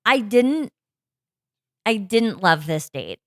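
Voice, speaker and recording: A woman's voice: medium pitch, big pitch swings, slow pace, dry recording, clean studio sound. A woman co-hosting a casual chat podcast, talking animatedly with frequent restarts. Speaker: podcast co-host.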